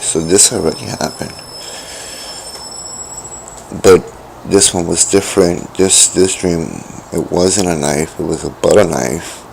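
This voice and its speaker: A middle-aged man with a deep, gravelly voice tells a personal story. He stops and restarts often and fills gaps with "like" and "you know". A faint hiss sits under the recording. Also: a little mellow. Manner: halting, repeats himself, many fillers. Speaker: vlogger. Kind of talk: rambling personal account.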